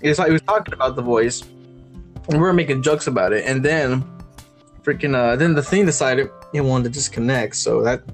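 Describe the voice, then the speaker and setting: A man's voice: medium pitch, normal speed, faint music behind. A young man hosting a podcast, chatting casually in a rambling way. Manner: rambling, lots of fillers. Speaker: podcast host. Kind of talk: casual chat.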